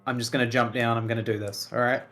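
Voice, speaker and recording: A man's voice: mid-range voice, level tone, fast talker, fairly bright tone, soft background music. A man playing his character in a tabletop game, talking in a wry, joking way. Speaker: player.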